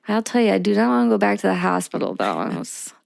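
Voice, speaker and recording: Female podcast co-host, raspy edge, candid and heartfelt delivery. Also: medium pitch, sing-song, dry recording, clean studio sound. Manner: open, emotional, quick bursts of speech. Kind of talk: candid casual chat.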